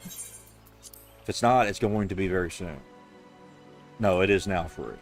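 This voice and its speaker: Male streamer with a Southern US accent, low register, sarcastic and casual. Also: measured pace, faint music behind. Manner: sarcastic, offhand, profane. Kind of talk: reading game dialogue aloud with commentary.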